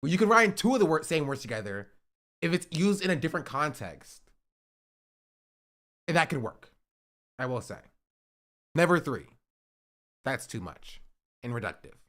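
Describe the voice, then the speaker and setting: Dude streaming and reacting, kinda high voice, bouncy and laughy. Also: male voice, normal speed, pauses often. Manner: chatty, laughs often, breaks into excited shouts. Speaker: streamer reacting to rap clips. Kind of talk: casual live-stream commentary.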